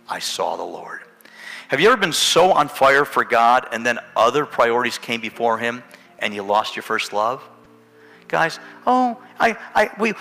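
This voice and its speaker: A male pastor preaching a storytelling sermon, his voice gravelly with a bright, forceful edge. It swings from hushed asides to loud bursts. Long reverb from a church hall carries every line. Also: medium pitch. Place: church sanctuary.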